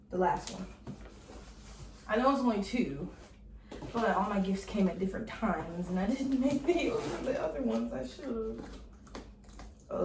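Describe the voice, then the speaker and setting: A young woman unboxing gifts in a casual vlog, excited and emotional, gasping at each gift. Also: mid-range voice. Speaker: vlogger. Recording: roomy, from far off the mic, faint noise.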